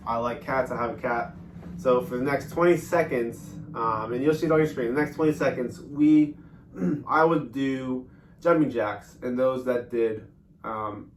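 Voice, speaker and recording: A man teaching a guided workout lesson, explaining each step with many ums and pauses. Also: medium pitch, recorded from a distance, slight background noise. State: out of breath during exercise. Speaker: fitness instructor. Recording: echoey room, voice off-mic.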